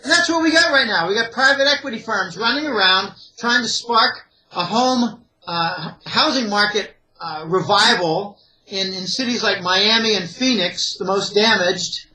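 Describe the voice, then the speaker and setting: A man's voice: high-pitched, moderate pace, sharp tone, low-quality recording. A man from the Pittsburgh area, a financial analyst giving opinionated interview commentary in an emphatic, rambling way, listing point after point. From Pittsburgh area, USA.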